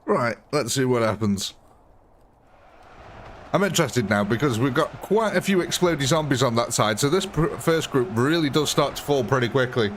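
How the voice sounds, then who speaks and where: A man's voice: medium pitch, expressive, moderate pace, slight background noise. A man hosting a gaming livestream, chatting casually with viewers and chuckling often. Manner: chatty, chuckling, answers chat. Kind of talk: casual live-stream chat.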